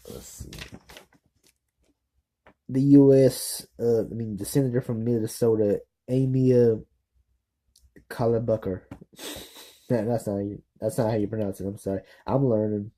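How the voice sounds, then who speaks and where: A man giving casual, unscripted commentary, halting and apologetic, with many restarts and fillers. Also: lowish voice, dark tone, rough recording. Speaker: political vlogger.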